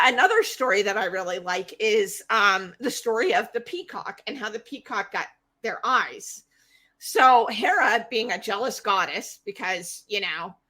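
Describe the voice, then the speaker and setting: A woman co-hosting a podcast, retelling myths in a casual, animated way and acting out the characters. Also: a little high. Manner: animated retelling with acted-out voices. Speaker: podcast co-host. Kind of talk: casual storytelling.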